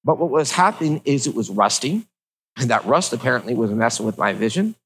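A man's voice: mid-range voice, big pitch swings, fairly quick, husky, poor audio. A man telling a personal story to his viewers in a casual, rambling way, with lots of fillers and wry asides.

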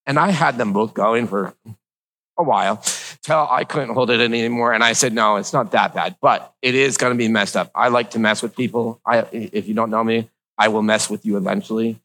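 A man's voice: fairly low pitch, fairly quick, a bit bright, poor audio. A middle-aged man with slightly slurred speech, telling a personal story in a casual, joking, rambling way.

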